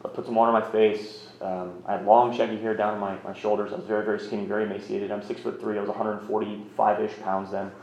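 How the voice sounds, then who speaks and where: A man's voice: fairly low pitch, level tone, fast, few pauses, a little mellow, a little hiss or hum. Frank, rambling man in a roomy space. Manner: rambling, frank, self-mocking. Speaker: speaker sharing a recovery story. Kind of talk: candid personal storytelling. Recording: roomy, slightly muffled recording.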